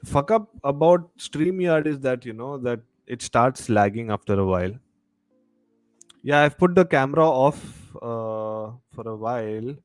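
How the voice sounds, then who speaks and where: A man's voice: medium pitch, lively intonation, a little slow, no echo, studio quality. A man with a bad cold, hosting a casual live stream, chatting and reading viewer comments aloud. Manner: chatty, reads viewer comments aloud, mixes Hindi into English.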